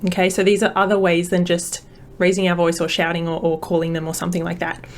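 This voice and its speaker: A woman's voice: lowish voice, completely flat delivery, fast. A woman, a parenting coach talking casually to camera in an upbeat, chatty way with many fillers.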